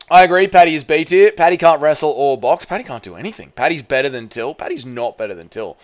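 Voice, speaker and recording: Young man, livestream host, banter, slangy, slightly high voice, faint music. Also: expressive, fast, hardly any pauses. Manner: bantering, answers chat, slangy with "mate" and "bro". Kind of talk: casual livestream chat.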